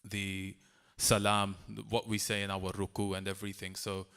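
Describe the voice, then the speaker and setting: A man making relaxed, hesitant remarks on a panel, with frequent fillers. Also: low-pitched, normal speed, clear, resonant tone.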